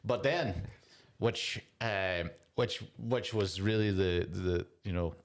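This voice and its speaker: Brief: male comic, low voice, profane and animated, casual podcast banter. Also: slow pace. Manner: sweary, animated, laughs often. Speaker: podcast co-host, comedian. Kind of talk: casual chat.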